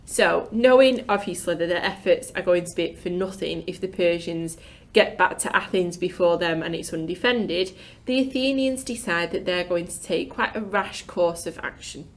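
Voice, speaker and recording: A woman's voice: fairly low pitch, moderate pace. A woman narrating history in a chatty, wry way. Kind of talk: casual classroom chat.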